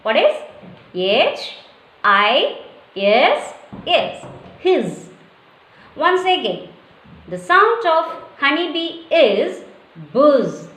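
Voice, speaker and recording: A woman teaching a young children's class, slowly calling out questions and spelling words letter by letter for the class to repeat. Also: high-pitched, very animated, a bit bright, echoey room. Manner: slow call-and-response, spells words letter by letter. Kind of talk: children's lesson.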